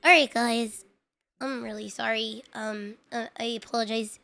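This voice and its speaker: A woman's voice: a little high, fairly even intonation, a little slow, vocal fry, sharp tone, soft background music. A woman streamer chatting casually to her viewers, rambling with lots of filler words and putting herself down, audibly frustrated. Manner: rambling, filler-heavy, self-deprecating. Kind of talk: casual live-stream chat.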